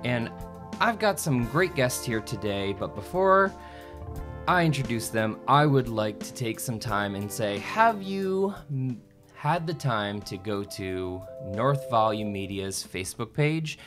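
A man's voice: mid-range voice, expressive, unhurried, over music. A man hosting a podcast, chatting in a friendly, rambling way and often correcting himself. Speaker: podcast host. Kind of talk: casual interview chat.

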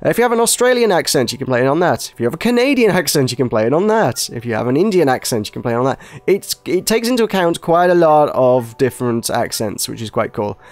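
English male game reviewer, mid-pitched, loose hesitant chat, a little self-mocking. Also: sing-song, quick pace, few pauses, no echo. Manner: rambling, hesitant, self-deprecating. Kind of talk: casual gameplay commentary.

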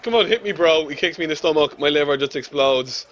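A man's voice: fairly high pitch, fast talker, few pauses, highs cut off, faint music behind. A young man giving brash, swearing commentary on his own video game match, trash-talking the opponent. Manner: brash and swearing, trash-talks the opponent, yells when losing. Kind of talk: casual gameplay commentary.

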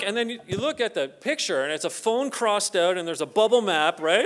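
This conference keynote comes from a middle-aged Canadian man whose high voice runs a little fast with hardly any pauses. Telling stories animatedly, he imitates the voices of the people involved.

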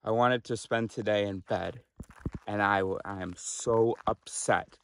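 A man's voice: on the low side, fairly even intonation, a little slow, a bit bright, smooth. A man from the Chicago area doing a stand-up monologue, ranting in mock outrage and tripping over comic restarts. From Chicago area, United States. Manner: exasperated rant with mock outrage; stammering restarts for comic effect. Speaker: comedian.

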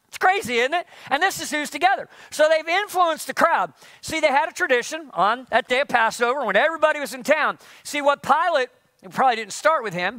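A male pastor preaches a sermon in a strikingly high, bright, forceful voice, animatedly throwing rhetorical questions at the congregation again and again. The recording is dry and close, with no echo.

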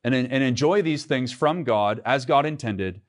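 Man, pastor, church sermon, earnest preaching, reads scripture aloud, middle pitch. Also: a little slow.

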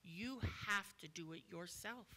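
Bright-voiced woman preaching emphatically. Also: on the low side, measured pace. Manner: emphatic, repetitive exhortation. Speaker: guest preacher. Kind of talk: sermon.

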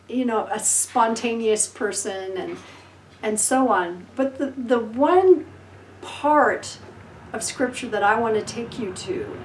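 A woman pastor preaches with animated storytelling, acting out the voices of Bible figures. Her voice sits fairly high. She is heard from some distance in a roomy, echoing space. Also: a little hiss or hum. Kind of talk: sermon.

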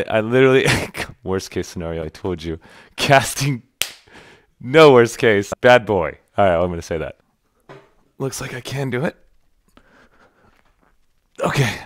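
A young man streaming himself through a workout, joking with viewers, loud and animated, getting out of breath. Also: lowish voice, dry recording. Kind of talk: casual comedic workout stream.

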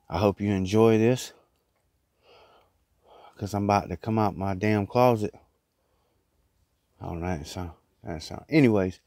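A man with a lowish voice talks loosely and casually, rambling between bites as he vlogs. He is tucked into a small closet, and the sound is close and dry with no room echo at all. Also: warm tone. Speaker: vlogger. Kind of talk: casual mukbang chat.

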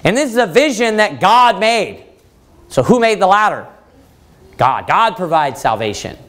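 Male preacher, slightly high voice, lively pitch, Bible study sermon, rhetorical questions. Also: a little slow. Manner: animated, quotes scripture, asks the room questions.

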